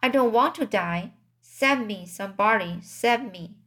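A woman reading aloud, voicing a frightened young male pig who pleads and cries out in panic, slowly. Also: mid-range voice, fairly bright tone. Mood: panicked.

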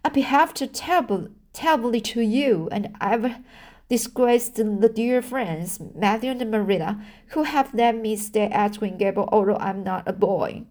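A woman's voice: a little high, a little slow, a little mellow, close to an everyday voice. A woman voicing a dramatic, talkative young orphan girl pleading for forgiveness in a storybook.

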